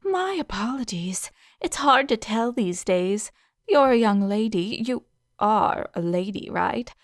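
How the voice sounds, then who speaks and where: A woman's voice: mid-range voice, lively intonation, takes it slowly, no room sound, studio quality. A woman reading an audio story, voicing a pushy, flustered alien woman who sells land on Mars, with chatty, overly earnest sales patter. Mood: earnest sales pitch.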